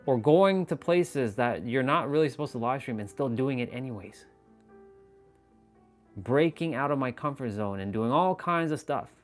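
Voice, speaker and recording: A man's voice: medium pitch, expressive, normal speed, faint music behind. A man giving casual, intense motivational talk on his live stream, preachy and swearing freely.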